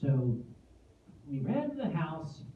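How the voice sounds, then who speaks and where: Slow, animated man telling stories in a hall. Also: a little high, slight background noise. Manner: animated, self-deprecating, playful asides. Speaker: convention guest speaker. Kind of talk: comic storytelling speech. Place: convention hall. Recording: echoey hall, distant phone-like audio.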